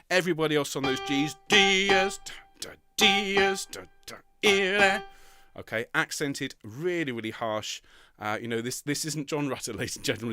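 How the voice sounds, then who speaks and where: Middle-aged choir director guy, bright crisp voice, dry close sound, chatty and keen. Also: mid-range voice, no echo. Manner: chatty, repeats words, coaches with enthusiasm. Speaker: choir conductor. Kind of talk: online choir rehearsal talk.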